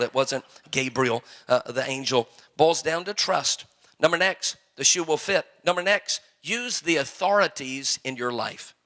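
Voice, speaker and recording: A man's voice: mid-range voice, bright, forceful tone. A male pastor preaching a sermon to young people, folksy and full of joking stories.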